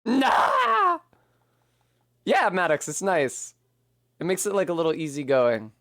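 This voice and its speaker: A man's voice: a little high, animated, normal speed, dry recording, clean studio sound. A man rambling casually and poking fun at himself while streaming a video game, swearing now and then. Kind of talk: casual commentary while playing.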